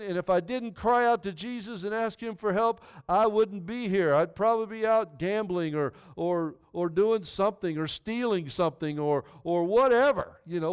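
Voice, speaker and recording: A man delivering a sermon with a high, clear, resonant voice. He speaks earnestly and conversationally, circling back and repeating phrases as he works through scripture. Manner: earnest, repetitive, conversational preaching. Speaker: pastor.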